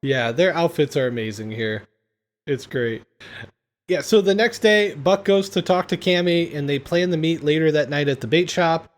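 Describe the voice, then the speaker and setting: A man's voice: a little high, lively intonation, moderate pace. A man hosting a casual podcast, retelling a comedy film scene by scene and laughing often. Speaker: podcast host.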